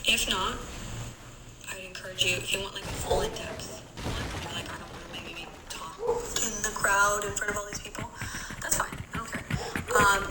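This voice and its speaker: A woman's voice: medium pitch, normal speed, over loud music. A woman dating coach chatting casually on a live stream, acting out dialogue in her stories. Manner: chatty, acts out dialogue in anecdotes. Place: room at home, streaming live. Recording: echoey room with loud background noise.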